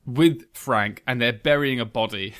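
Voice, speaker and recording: A man's voice: medium pitch, unhurried, a bit bright, clean tone. Giggly male podcast host. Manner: enthusiastic, giggly recapping. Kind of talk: casual film review chat.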